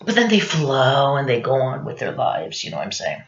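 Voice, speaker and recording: A woman's voice: a bass voice, huge pitch swings, moderate pace. A woman in her fifties doing a rambling, confessional comic monologue, forever asking "you know what I'm saying". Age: 50s. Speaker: stand-up comedian. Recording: roomy, dull lo-fi recording.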